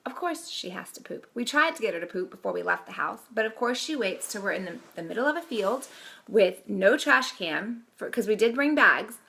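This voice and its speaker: Bright, gravelly woman telling a funny story. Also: mid-range voice, lively intonation, moderate pace. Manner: laughs often while telling. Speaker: vlogger. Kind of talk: casual storytelling to camera.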